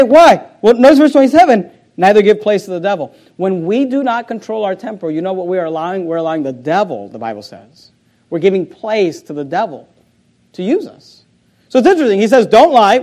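A man with a high voice preaching a sermon to his congregation. He speaks emphatically, often repeating words as he builds each point. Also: a little mellow. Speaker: pastor.

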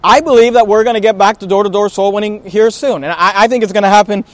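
High-voiced man preaching emphatically. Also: steady tone, fast, no room sound. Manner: emphatic preaching with repeated phrases and restarts. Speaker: pastor. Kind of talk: sermon.

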